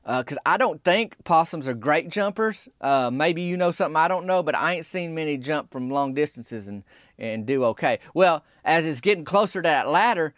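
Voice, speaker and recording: A man telling a rambling, deadpan comic story in a conversational way. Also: fairly high pitch, moderate pace, no echo, studio quality.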